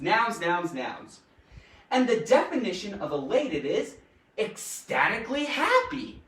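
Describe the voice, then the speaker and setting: A woman's voice: mid-range voice, big pitch swings, measured pace, fairly bright tone, recorded from a distance. A woman hosting a playful live grammar lesson, giggly and jokey, talking straight to her viewers. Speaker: grammar teacher and show host. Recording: echoey room, voice off-mic.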